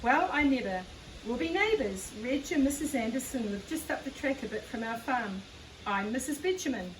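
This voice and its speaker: A woman's voice: high-pitched, animated, moderate pace, background noise. A woman reading the part of a talkative little Scottish farm wife and former nurse, with a light Scottish accent and a homely, chatty manner. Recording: echoey room, far from the mic.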